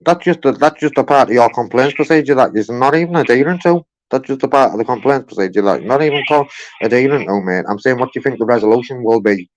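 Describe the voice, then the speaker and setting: A man's voice: medium pitch, fast talker, slight background noise. A man on a phone call pressing a customer service agent over his complaint, repeating himself insistently and peppering his speech with "man" and "mate". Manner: insistent, repetitive, keeps saying "man" and "mate". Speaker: caller making a complaint.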